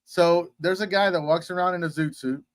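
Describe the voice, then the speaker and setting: A man's voice: high voice, steady tone, fairly quick, dry recording. A man from Texas, a guest on a casual interview, telling rambling stories full of fillers and playful asides. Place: at home in Houston.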